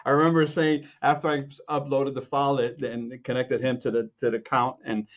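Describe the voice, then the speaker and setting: A man from Chicago, a composer and guest, telling anecdotes with lively acted-out quotes, many restarts and laughs. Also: mid-range voice, fairly quick, muffled recording. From Chicago, USA. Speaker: music producer and film composer, guest. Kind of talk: animated anecdotal storytelling.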